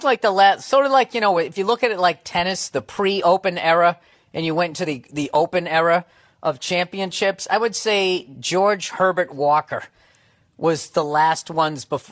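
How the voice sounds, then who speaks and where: A man's voice: on the high side, fairly bright tone. A man talking in casual chat, rambling into sarcastic, profane rants.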